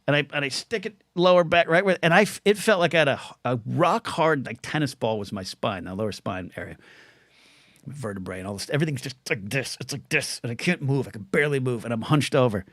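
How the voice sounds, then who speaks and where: A man's voice: mid-range voice, lively intonation, fairly quick, a bit bright, no echo, studio quality. A middle-aged man hosting his own solo podcast livestream, rambling through stories and viewer comments, stumbling over words and getting choked up. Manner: rambling, repeats words, emotional and choked up when thanking viewers.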